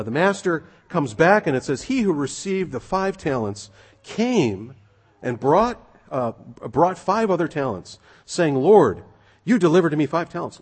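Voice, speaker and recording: Husky, animated preacher in an echoing hall. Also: male voice, fairly high pitch. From United States. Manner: animated, emphatic, conversational preaching. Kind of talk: sermon. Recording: long reverb of a large hall.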